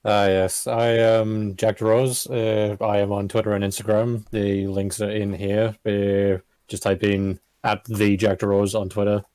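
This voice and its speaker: A man joining a stream over a video call, talking about his art in a plain, matter-of-fact way. His voice sits fairly low and sounds mellow and dry. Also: flat delivery, measured pace, hardly any pauses, clean tone, no echo. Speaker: artist, guest. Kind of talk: casual chat.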